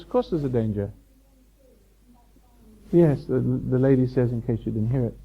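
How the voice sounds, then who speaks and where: A man giving a live spiritual lecture to a seminar audience, rambling and repeating himself, chuckling and teasing the listeners. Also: mid-range voice. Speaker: seminar speaker. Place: hotel function room before a live audience. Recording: dull lo-fi 1990s seminar tape.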